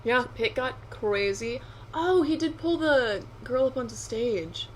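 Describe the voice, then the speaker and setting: A young adult woman co-hosting a podcast, chatting casually with quick asides and frequent laughter. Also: a little high, expressive, slight background noise. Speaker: podcast co-host. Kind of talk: casual chat.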